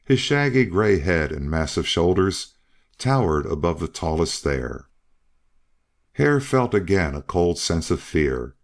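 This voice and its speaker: A man's voice: sits low, big pitch swings, measured pace. A man narrating a western novel as an audiobook reader. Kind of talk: scripted narration.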